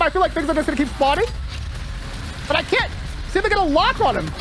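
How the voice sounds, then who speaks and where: A man giving live gameplay commentary, excitable, talking to himself and yelping when things go wrong. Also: extremely high pitch, quick pace, long pauses, noisy background. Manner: excitable, talks to himself, yelps when panicked. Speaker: gaming channel host.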